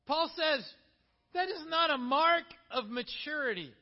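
A middle-aged male pastor preaching a sermon, telling stories with animated energy and acting out the voices of the people he quotes. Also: very high voice, unhurried. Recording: long hall reverb, dull lo-fi sound.

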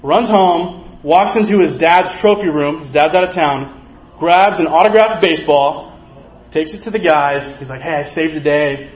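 A man's voice: on the high side, moderate pace. A man giving a sermon, telling a movie story and acting out its characters' lines. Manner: storytelling, acts out quoted characters. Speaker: preacher. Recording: echoey, slightly dull sound.

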